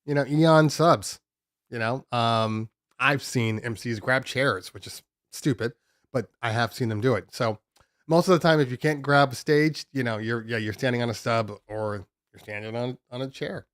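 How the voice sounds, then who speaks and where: A man's voice: medium pitch, moderate pace, a bit bright, dry recording. Male live-stream host, loose chatty delivery, home-studio feel, dead dry sound. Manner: loose and rambling, many ums and restarts. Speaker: DJ podcast host.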